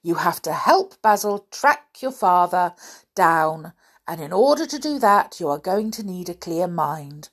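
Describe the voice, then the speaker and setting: A woman's voice: on the low side, big pitch swings, measured pace, slightly rough, heavily acted. Woman doing a kindly reassuring old-fashioned mouse doctor. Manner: gentle, reassuring, patient.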